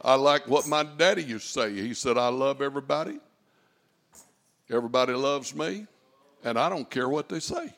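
A man preaching a fervent sermon, rising to shouts and dropping to a hush. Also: mid-range voice, normal speed, vocal fry. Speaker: pastor.

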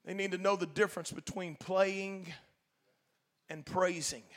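High-voiced, shouting Pentecostal pastor. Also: male voice, fairly even intonation, a little slow. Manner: swings from low conversational asides to loud shouted preaching; folksy, colloquial. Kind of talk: Pentecostal sermon. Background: faint congregation.

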